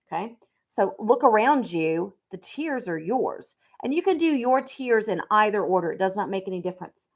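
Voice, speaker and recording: A woman talks through a lesson in an easygoing, conversational way. She is relaxed and chatty and often uses filler words as she explains. Her voice sits at an ordinary, middle pitch for a woman. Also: moderate pace. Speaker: teacher. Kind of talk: casual instruction.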